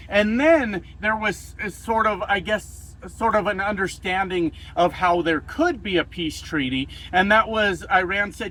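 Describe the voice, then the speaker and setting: A man's voice: high voice, lively intonation, normal speed, few pauses, pushed and bright, low-quality recording. A young man ranting about politics in a casual, profane, exasperated and sarcastic way. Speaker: political commentator.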